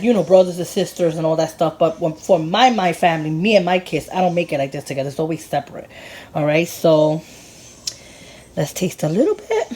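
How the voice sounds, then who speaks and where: A woman in her thirties from Puerto Rico hosting a casual cooking vlog, excitable and laughing often as she tastes food in her kitchen. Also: on the low side, rough recording. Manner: excitable, laughs often, talks while tasting. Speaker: cooking channel host.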